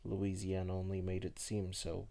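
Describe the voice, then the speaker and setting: A man voicing a melancholy old vampire who recalls his past slowly and softly. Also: deep voice, monotone, gravelly. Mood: wistful. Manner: slow, soft, hushed storytelling.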